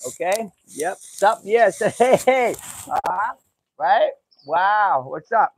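A middle-aged man from the Boston area, hosting a tortoise sanctuary vlog in an excitable, chatty way and talking to animals and viewers as he walks. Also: sits high, slow pace, slight background noise. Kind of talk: casual walk-and-talk vlog.

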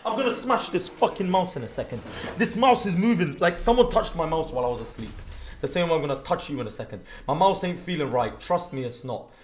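A young British man streaming a game, commentating live with profane trash talk and sudden shouts. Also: a little high, lively intonation, brisk. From Britain. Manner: trash-talking, profane, erupts into shouts and sing-song bits. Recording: roomy with faint background hiss.

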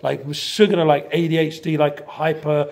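A man giving a casual inspirational talk to a group, rambling with many fillers and breaking into sudden loud bursts. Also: fairly high pitch, flat delivery, normal speed, gravelly. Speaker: guest speaker.

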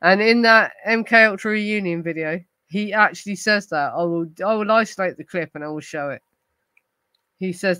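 A tipsy woman on a casual livestream, ranting in rambling bursts and swearing freely. Her voice sits at a middle pitch and sounds close and dry, with no room around it. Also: normal speed, pushed and bright, no room sound, poor audio. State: tipsy from gin. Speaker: host of a true crime livestream. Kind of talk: casual livestream chat, responding to viewers.

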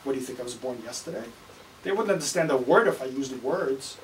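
A man's voice: medium pitch, lively intonation, quick pace, distant mic, slight background noise, natural voice, poor audio. A man voicing a chatty, fussy parrot while reading his story aloud in a bookshop. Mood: indignant.

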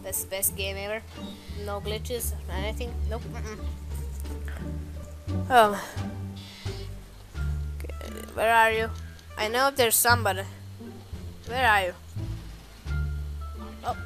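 Brief: excitable woman doing gameplay commentary, slightly high voice, unhurried delivery. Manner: excitable, talks to and taunts enemies; frequent exclamations and repeated words. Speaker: gameplay video maker. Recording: music playing loud behind voice. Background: background music and game sounds.

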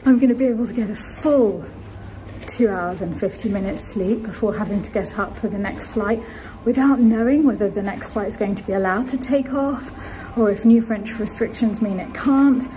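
A woman's voice: medium pitch, moderate pace, rough recording. A tired woman vlogging a travel diary, talkative and emotional. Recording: steady background noise.

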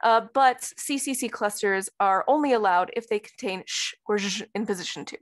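A woman giving an academic linguistics talk over a video call, explaining clearly. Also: medium pitch, moderate pace, no echo. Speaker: linguistics presenter.

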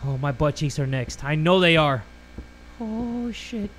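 A man giving loud, jumpy commentary on a horror game, swearing and joking through his fear. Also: fairly high pitch, animated, measured pace, slight background noise. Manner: jumpy, swears a lot, yells at monsters then jokes. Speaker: gaming YouTuber.

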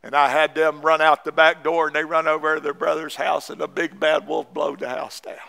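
A man pastor, preaching a fervent sermon that rises into shouts. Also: fairly high pitch, level tone, fairly quick, vocal fry. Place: church sanctuary.

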